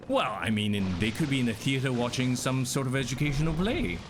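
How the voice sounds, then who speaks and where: A man's voice: medium pitch, lively intonation, a little fast, noisy background. A young man streaming a game live, chatting casually with his viewers and reacting to what happens on screen.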